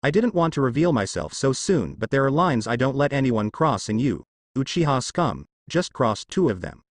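A man's voice: medium pitch, big pitch swings, moderate pace, dry recording, clean studio sound. A man reading the part of a cold, menacing teenage ninja boy with vampire powers, in a cool and threatening way.

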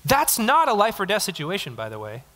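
A young man preaching a casual, conversational sermon, animated, acting out little quotes. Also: sits high, fairly quick, big-room sound. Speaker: pastor. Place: church sanctuary.

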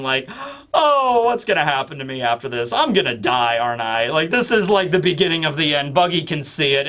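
A chatty man recapping a manga chapter in a loose, rambling way. His voice sits a bit higher than most men's, and he keeps things casual with plenty of filler words. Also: fairly bright tone. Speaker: manga review host.

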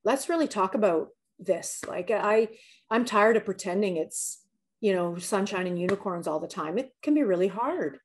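A woman's voice: mid-range voice, animated, normal speed. Woman coach chatting on a podcast, earnest, kinda repeats herself mid thought, candid stories. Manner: earnest, repeats words as she thinks aloud. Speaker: podcast guest. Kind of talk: candid conversational storytelling.

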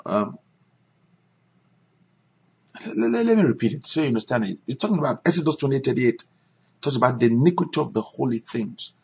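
Gravelly pastor preaching over a dull line. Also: male voice, mid-range voice, lively intonation, a little fast, pauses often. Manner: emphatic, repeats phrases for stress. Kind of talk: sermon and prayer on a conference call. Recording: dull lo-fi conference call recording.

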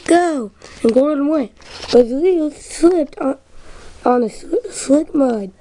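High-voiced woman telling a train story. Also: expressive, warm tone, a little hiss or hum, poor audio. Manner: slow, unpolished reading with restarts. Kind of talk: amateur storybook narration.

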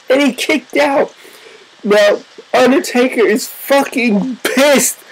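Woman, fairly high voice, husky, excitable, profane play-by-play, jokey. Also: takes it slowly, rough recording. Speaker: video game commentator. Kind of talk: joking play-by-play commentary over a wrestling video game.

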